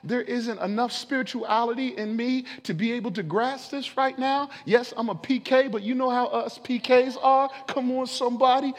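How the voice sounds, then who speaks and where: A man preaching a sermon in a large sanctuary, fervent and building to forceful declarations. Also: very high voice, fairly even intonation, moderate pace, hardly any pauses. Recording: long reverb of a large hall.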